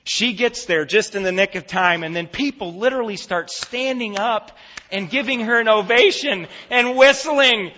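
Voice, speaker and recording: A male pastor preaching a sermon, telling a vivid story and then making an earnest, hushed appeal. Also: high-pitched, moderate pace, slight background noise. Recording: echoey church hall, dull lo-fi sound.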